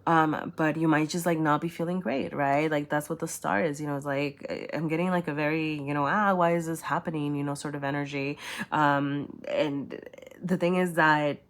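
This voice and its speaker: A tarot reader gives a casual reading, rambling with lots of fillers and frequently checking in with "right?" and "okay?" Her low voice holds a steady tone at normal speed, though she is choked up at times.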